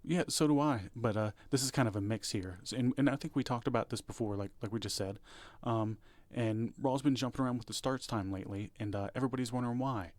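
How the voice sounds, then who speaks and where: A man's voice: mid-range voice, fast talker, a little mellow, no echo. A man co-hosting a podcast, talking casually and rambling, with restarts and fillers. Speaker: podcast co-host. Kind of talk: casual chat.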